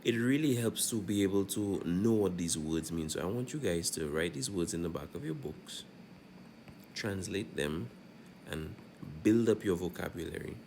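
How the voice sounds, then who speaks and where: A man's voice: deep voice, normal speed, a little mellow, a little hiss or hum. A man teaching a Spanish grammar lesson, going over examples and checking in often with "all right?".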